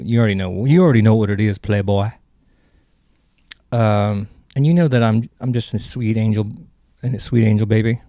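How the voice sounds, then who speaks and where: A comedy podcast host rambles through jokes, cutting himself off mid-sentence and interrupting his own thoughts. His voice is fairly low and dark in tone, captured dry with clean studio sound.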